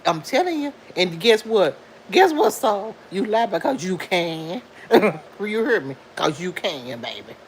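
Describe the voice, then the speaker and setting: A woman's voice: medium pitch, sing-song, unhurried, slight background noise, low-quality recording. A middle-aged woman, hosting a casual live stream and talking back to commenters, laughing often.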